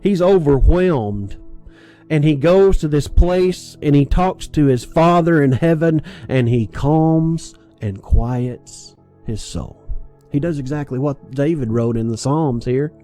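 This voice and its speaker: Mellow-voiced man preaching casually. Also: fairly high pitch, slow, faint music behind. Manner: conversational, chuckling, with many restarts and asides. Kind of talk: sermon.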